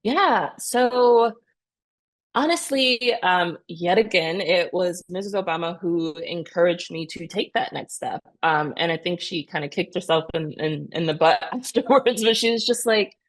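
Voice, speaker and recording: Earnest, lower-pitched woman guest. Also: a little slow. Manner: earnest, animated retelling with many "you know" and "right?". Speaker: podcast guest. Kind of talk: conversational interview storytelling.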